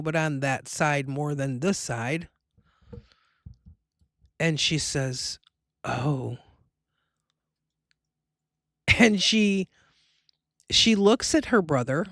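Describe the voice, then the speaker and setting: A woman's voice: low voice, no room sound, studio quality. A middle-aged woman, a medium, telling a personal story casually, acting out the people she quotes and using many fillers.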